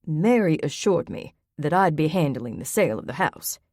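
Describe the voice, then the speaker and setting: A woman's voice: low-pitched, very animated, moderate pace, darkish tone, dry recording, clean studio sound. Hostile bully of a man, threatening and tight-voiced, read by a woman narrator. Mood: blustering. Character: blustering, threatening middle-aged man.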